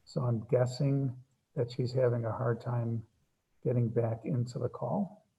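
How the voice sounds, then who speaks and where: A man presides as judge over a hearing held by video call, his voice gravelly and husky with a dark tone. He speaks in an unhurried, procedural way. The computer mic gives dull, lo-fi call audio. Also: mid-range voice, fairly even intonation.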